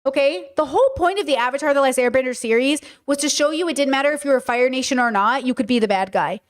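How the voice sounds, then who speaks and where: This podcast host is a fast-talking woman whose voice sits high. She chats casually and bluntly while responding to viewer questions and checks in with her audience as she goes, like an informal livestream.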